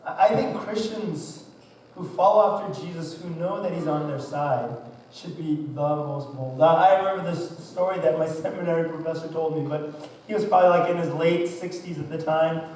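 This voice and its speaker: A man's voice: a little high, normal speed, a little mellow. A man in his thirties preaching a sermon, telling stories in a conversational way and acting out quotes. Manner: conversational storytelling with acted-out quotes. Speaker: pastor. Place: church hall. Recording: distant mic in a very echoey hall.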